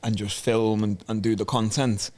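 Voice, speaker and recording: A young man, a podcast guest chatting casually and telling blunt, sweary, animated anecdotes. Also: on the low side, moderate pace. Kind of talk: casual chat, storytelling.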